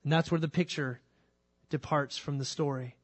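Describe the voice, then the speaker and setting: Animated preacher man, fairly high voice. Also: no echo. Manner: animated, acts out the scripture scenes with quick voice shifts. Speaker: pastor. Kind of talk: sermon.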